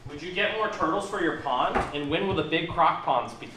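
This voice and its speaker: A man's voice: a little high, brisk, pushed and bright, a little hiss or hum. A man reading viewer questions aloud in a brief, offhand way for the host of a livestream. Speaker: crew member reading viewer chat. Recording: far off in an echoey room.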